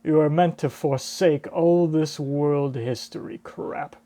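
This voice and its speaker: Brief: pompous British male villain, voiced by a male reader, unhurried and dark-toned. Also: a little high. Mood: haughty. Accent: put-on British.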